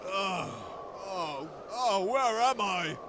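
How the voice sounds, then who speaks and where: A man's voice: high-pitched, expressive, very slow, background noise, exaggerated voice. A man voicing a weary, exasperated male cartoon unicorn who answers with sarcasm. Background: loud music.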